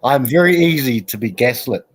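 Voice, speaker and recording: A man's voice: medium pitch, expressive, moderate pace. Laughing New man in his forties. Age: 40s. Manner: laughing, protesting, rambling anecdotes. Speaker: regular on a livestream chat. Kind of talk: casual group chat.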